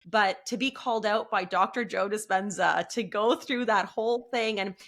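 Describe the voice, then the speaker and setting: Woman, podcast host, mid-pitched, encouraging and affirming in conversation. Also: moderate pace, a bit bright. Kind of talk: interview conversation.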